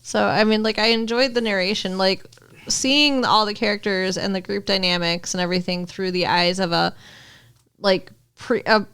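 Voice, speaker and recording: A woman's voice: medium pitch, steady tone, normal speed, a bit bright, clean tone. A woman co-hosting a podcast, chatting casually in a wry, blunt way and swearing freely. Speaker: podcast co-host. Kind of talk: casual chat.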